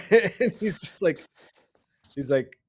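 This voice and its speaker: An animated podcast host with a high, husky voice tells stories at a slow pace in a casual chat. He laughs often and acts out the people he talks about.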